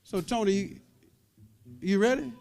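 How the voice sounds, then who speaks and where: A man's voice: high-pitched, unhurried, vocal fry, darkish tone. A man working as emcee, introducing a drummer and teasing him playfully at a public event. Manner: playful, teasing, repeats himself.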